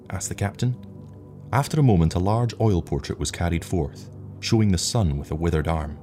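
Deep-voiced man narrating a story. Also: brisk, darkish tone, faint music behind. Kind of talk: audiobook reading.

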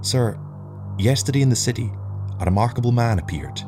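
A man voicing a patient, soft-spoken lieutenant who answers his captain deferentially. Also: mid-range voice, lively intonation, brisk, music in the background, pitched above the performer's own voice, lightly acted. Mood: quiet, awed. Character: patient, dazed young male lieutenant.

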